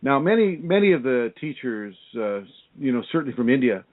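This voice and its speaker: A man's voice: medium pitch, sing-song, fairly quick. A man hosting a radio interview, asking probing questions over a tinny phone line. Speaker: radio show host and spiritual teacher. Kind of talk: interview on a call-in radio show.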